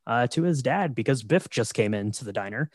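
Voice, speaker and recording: A man with a mid-pitched voice recaps a movie in a relaxed podcast chat. He talks in an easygoing, conversational way. The recording is dry and close, with no room sound. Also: fairly quick, dry recording. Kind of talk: casual film recap chat.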